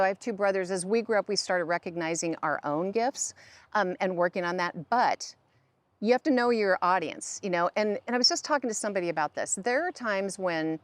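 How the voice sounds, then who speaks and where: A woman's voice: mid-range voice, no echo. A middle-aged woman in an easy conversational interview, telling stories and slipping into the voices of the people she quotes. Her voice sits in a middle range, and it is recorded close on a dry, dead-sounding mic. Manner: chatty storytelling, acts out quoted voices. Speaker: psychic medium guest.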